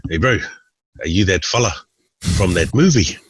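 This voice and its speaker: A man's voice: low-pitched, expressive, moderate pace, slightly rough, no room sound. A man voicing a friendly, generous old male fisherman who speaks casually.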